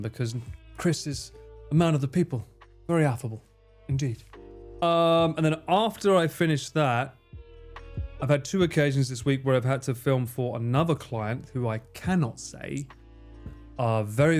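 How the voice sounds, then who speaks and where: A man's voice: mid-range voice, moderate pace, a little mellow, soft background music. A man hosting a casual livestream, reading viewer messages with lots of swearing and self-mocking jokes. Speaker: livestream host.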